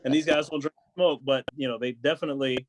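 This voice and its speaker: Man, podcast guest, casual storytelling, acts out quotes, mid pitch, dry close sound. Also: fast talker, dry recording. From United States. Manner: animated storyteller acting out quotes. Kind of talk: casual chat.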